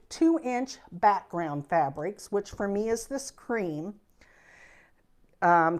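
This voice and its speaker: A woman's voice: medium pitch, a little mellow. A middle-aged woman with a Midwestern American accent, giving a casual, folksy quilting lesson in her sewing room. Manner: chatty, folksy, self-deprecating. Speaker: quilting instructor.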